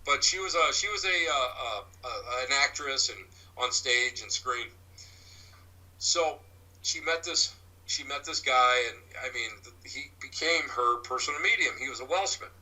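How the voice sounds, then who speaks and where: Male psychic-medium guest: sharp, bright voice, slightly off-mic, halting anecdotal delivery. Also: medium pitch, distant mic, low-quality recording. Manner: halting, repeats and restarts words. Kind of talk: rambling anecdotal storytelling.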